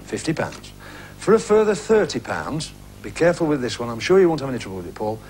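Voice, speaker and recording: Jokey, lively game show host. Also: male voice, mid-range voice, quick pace. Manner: jokey, chatty banter with contestants. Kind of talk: game show hosting with jokes. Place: TV studio with live audience. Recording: 1980s TV broadcast, loud crowd and noise.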